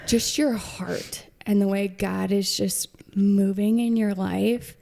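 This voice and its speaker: Effusive woman with a gravelly voice. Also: mid-range voice, steady tone, slow pace, darkish tone. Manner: effusive, rambling, lots of "like". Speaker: charity staff member interviewing. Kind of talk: warm conversational interview.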